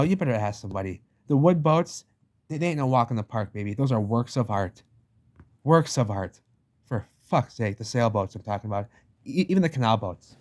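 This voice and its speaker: A man's voice: medium pitch, a little mellow. Man ranting emphatically over book pictures. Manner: emphatic, repetitive, swears casually; slangy, addresses listener as "baby". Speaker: channel host.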